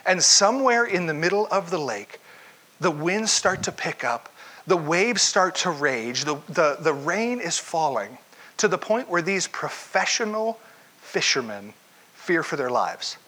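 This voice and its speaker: Telling a story with lively energy, this pastor delivers his sermon unhurriedly and asks his congregation questions point-blank. His voice is pitched a little high.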